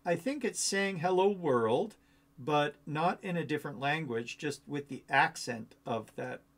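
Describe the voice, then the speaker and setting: A man's voice: a little high, normal speed, a bit bright. A man hosting a coding tutorial, talking through a screen-share walkthrough in a casual, rambling, thinking-aloud way.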